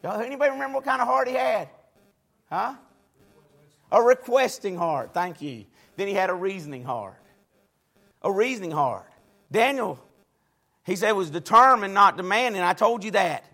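Preacher guy, high gravelly voice, goes loud then drops quiet, sermon style. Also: animated, normal speed, pauses often. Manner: preaching cadence, swings between loud exclamations and quiet asides.

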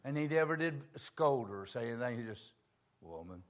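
An older man preaching a sermon, telling folksy stories, dropping to quiet asides and rising to shouts. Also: medium pitch, brisk.

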